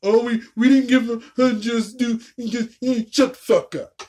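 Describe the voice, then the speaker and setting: A woman ranting casually and profanely while reacting to a show, with a raspy, gravelly voice. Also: on the high side, fairly even intonation, measured pace, dark tone. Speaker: video reactor.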